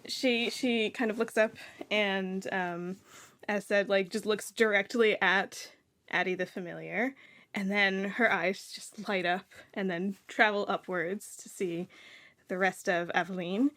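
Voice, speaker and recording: A woman's voice: mid-range voice, steady tone, measured pace, fairly bright tone. A woman playing a tabletop game, narrating her character hesitantly with many fillers.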